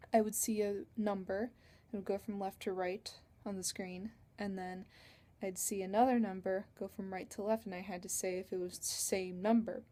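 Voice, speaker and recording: A woman's voice: medium pitch, mellow. A teenage girl telling a story in a casual, rambling vlog on a computer webcam, with giggles along the way. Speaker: vlogger.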